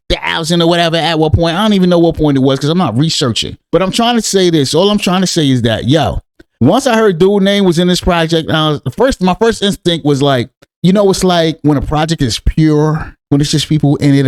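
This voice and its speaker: A man's voice: fairly high pitch, no room sound, studio quality. A middle-aged man giving rambling, slangy commentary to his channel's viewers, full of "real talk" and "you know what I'm saying.". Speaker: crypto YouTuber. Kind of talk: casual commentary to camera.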